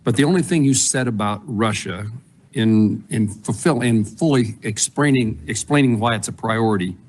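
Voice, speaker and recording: A senator questioning a nominee in a halting way, with restarts. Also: male voice, lowish voice, a little mellow.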